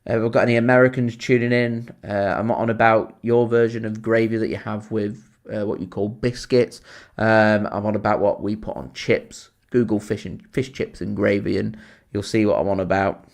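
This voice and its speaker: A man's voice: lowish voice, level tone, moderate pace, gravelly. A man with a Lancashire accent hosting a live football watchalong, chatting at length and answering viewer comments. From Lancashire, England. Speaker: fan channel host.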